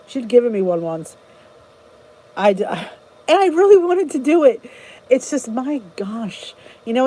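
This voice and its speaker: This livestream host's voice is on the high side with a dark tone, heard through a rough recording. In a chatty, rambling way full of restarts, she says hello to viewers by name and answers what they comment.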